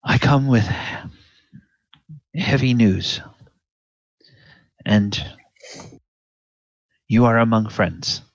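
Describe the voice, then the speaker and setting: A man's voice: medium pitch, extremely slow, long pauses, no echo, muffled recording, voice pushed up. Man playing a grave, solemn general. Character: grave older male general bearing heavy news.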